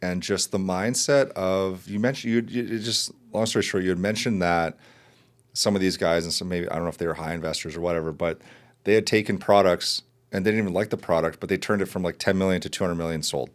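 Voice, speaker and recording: A man's voice: low-pitched, steady tone, fast. A man hosting a podcast, asking questions in a chatty, casual way with side remarks. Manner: chatty, friendly questioning with asides. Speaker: podcast host. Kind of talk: casual conversational interview.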